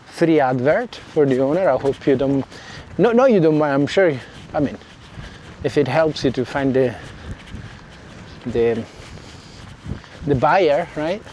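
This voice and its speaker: A man's voice: fairly high pitch, animated, a little slow, long pauses, darkish tone, slight background noise. Chatty Italian-accented man vlogging outdoors. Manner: chatty, self-correcting, apologetic asides to viewers. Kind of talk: casual walking vlog. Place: outdoors by a seaside village harbour and beach. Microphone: clip mic under a jacket.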